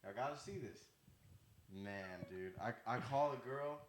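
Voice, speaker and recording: Lively young man telling stories. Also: medium pitch, unhurried, slight background noise. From Texas. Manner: animated storytelling, acting out quotes. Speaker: podcast guest. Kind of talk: casual chat.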